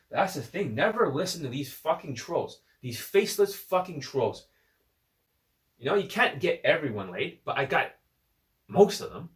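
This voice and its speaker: A man's voice: fairly high pitch, a bit bright, echoey room, far from the mic. A man giving a blunt, profane, combative unscripted rant to camera as a dating coach, recorded on his phone.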